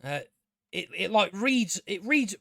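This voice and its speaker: Guy ranting thru a tv review, kinda high voice, swears a lot, dry close sound. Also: expressive, a little slow, gravelly, bright, forceful tone, no room sound. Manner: rambling, exasperated and profane. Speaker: TV show reviewer. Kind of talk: casual spoken review commentary.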